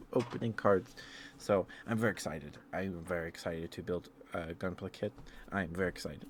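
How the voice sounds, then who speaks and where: A very low-pitched man chatting on a live stream. He talks in an excitable, rambling way, with many fillers and quick little laughs. He stays friendly with the viewers, with a faint hiss behind him. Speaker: ASMR streamer. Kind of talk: casual live-stream chat.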